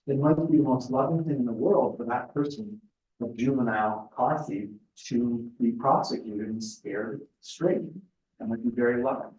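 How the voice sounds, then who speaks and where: A middle-aged man speaking at a spiritual retreat in a conversational, thoughtful way, often pausing with fillers. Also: medium pitch, darkish tone, highs cut off. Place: retreat house meeting room. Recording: echoey room, voice picked up from a distance.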